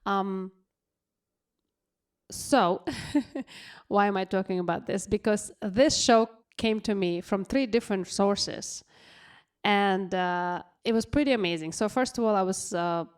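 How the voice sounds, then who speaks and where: A woman who grew up abroad co-hosts a relaxed podcast chat. She tells stories with lots of excitement and animation. Her phrasing is loose and non-native, and her voice sits at an ordinary middle pitch. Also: measured pace, smooth. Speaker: podcast co-host.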